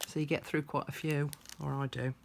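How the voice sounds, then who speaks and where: A woman's voice: low-pitched, level tone, a little fast, creaky, a little hiss or hum. A woman chatting casually through a craft tutorial, thinking aloud as she works.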